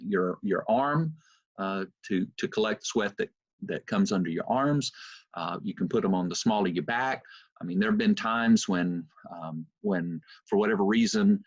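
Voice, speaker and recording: A man giving a lecture on a video call, telling stories in an animated, conversational way with many fillers. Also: fairly low pitch, vocal fry, no echo. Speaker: university lecturer. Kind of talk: storytelling lecture. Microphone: computer mic on video call. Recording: muffled Zoom audio.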